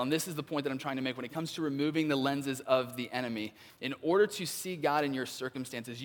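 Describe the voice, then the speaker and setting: A young adult man preaching a sermon as a pastor, animated and acting out the characters he describes in quick voiced asides. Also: medium pitch. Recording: long hall reverb.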